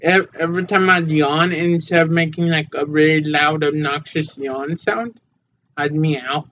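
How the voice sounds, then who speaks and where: A young man chatting casually on a podcast, his voice sitting a little high. He rambles easily with plenty of fillers. The recording is dull and lo-fi, with faint noise. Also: little pitch movement, unhurried, fairly bright tone. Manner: rambling, easygoing, hesitant fillers. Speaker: podcast co-host.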